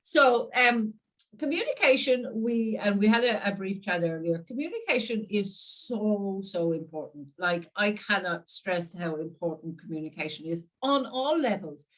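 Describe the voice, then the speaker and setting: An Irish woman hosting an interview, enthusiastic and animated, often breaking into laughter. Her voice sits a little away from the microphone. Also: mid-range voice, normal speed, recorded from a distance, rough recording. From Ireland. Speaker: interview host. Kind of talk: conversational interview.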